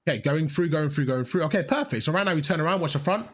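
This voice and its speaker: A man giving live coaching over gameplay speaks at a quick pace in a fairly high, somewhat bright and animated voice. He keeps encouraging the player, breaking things down step by step and often saying them again.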